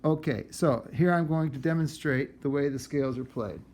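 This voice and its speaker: A man teaching piano, explaining practice methods for scales in a relaxed way while he demonstrates. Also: fairly high pitch, normal speed. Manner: relaxed, explains while playing and counting aloud. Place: room with a piano. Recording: echoey room with piano playing.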